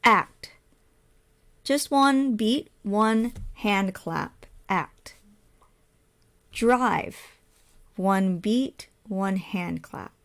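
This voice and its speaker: Woman ESL teacher, very slow measured delivery, mid pitch, step-by-step explainer. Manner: spells out letters, asks and answers her own questions.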